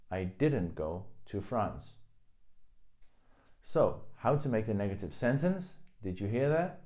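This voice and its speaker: A man's voice: lowish voice, warm tone. A man teaching a video language lesson, explaining grammar patiently and repeating each example phrase.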